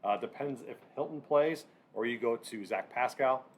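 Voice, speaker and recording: Guy going over his picks, lots of uhs and restarts, faint rumble in the back. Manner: halting, many fillers and restarts. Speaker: sports betting channel host. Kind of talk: casual fantasy football picks breakdown.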